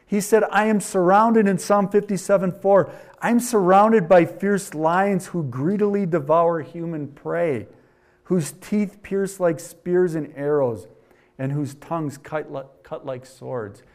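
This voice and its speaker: A man with a Wisconsin accent preaching a sermon, reading verses loudly and dropping to quiet asides. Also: high voice, slow pace. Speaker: pastor.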